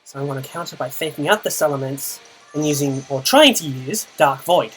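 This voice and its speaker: A man's voice: a little high, animated, fairly quick, fairly bright tone, soft background music, low-quality recording. Dry, muttering young man commentating a game. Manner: muttered, dry running commentary with groans and sighs. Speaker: channel host and player. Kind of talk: live gameplay commentary.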